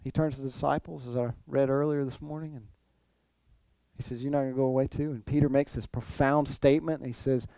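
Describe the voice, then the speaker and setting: A man preaching a sermon, animated, repeating his phrases and acting out the people he quotes. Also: mid-range voice, fairly quick, creaky, no echo. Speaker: pastor.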